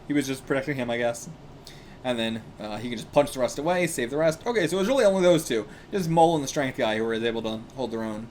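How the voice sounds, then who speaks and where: A young man reading a manga aloud and reacting casually, excitable and laughing, with bursts of swearing. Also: medium pitch, a little hiss or hum. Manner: excitable, swears, laughs, puts on brief character lines.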